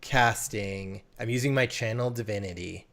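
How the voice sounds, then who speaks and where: A man playing a tabletop game, casually explaining his cleric's turn with halting fillers. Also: fairly low pitch, crowd noise. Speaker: player, cleric.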